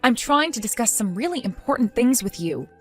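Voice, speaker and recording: A woman's voice: fairly high pitch, sing-song, fairly quick. A woman voicing a defensive, exasperated young wife in a text-story drama, pleading and indignant.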